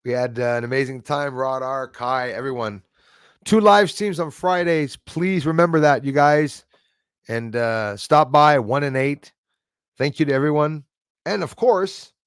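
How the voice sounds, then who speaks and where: A man's voice: medium pitch, clear, resonant tone, no room sound, studio quality. A man from Montreal, hosting a live stream and casually thanking his viewers as he signs off, switching between French and English. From Montreal, Canada.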